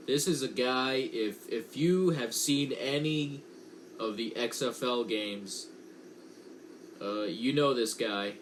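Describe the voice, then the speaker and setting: A young man calls a football game from home in a slow, unhurried way, stopping to correct himself and make chatty asides. His voice sits at an ordinary middle pitch. A faint hum of room noise sits under the recording. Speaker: amateur play-by-play commentator. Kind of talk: casual watch-along commentary.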